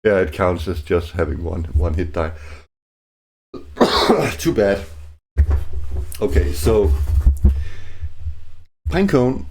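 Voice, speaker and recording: A man with a deep, mellow voice talks through a solo tabletop game at an unhurried pace. He thinks aloud, hesitates, restarts his sentences and chuckles to himself. A faint hiss sits under his voice. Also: sing-song. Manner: hesitant, with many fillers and restarts.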